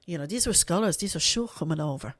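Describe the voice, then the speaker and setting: Earnest woman, fairly low voice, repeats herself for emphasis. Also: animated, fast. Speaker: guest. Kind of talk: emotional personal storytelling.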